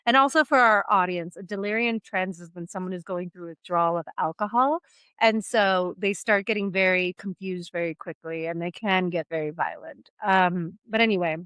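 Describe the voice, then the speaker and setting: A woman co-hosting a casual book-discussion podcast, animated, reading passages aloud and explaining terms for listeners. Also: mid-range voice, no echo. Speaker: podcast co-host.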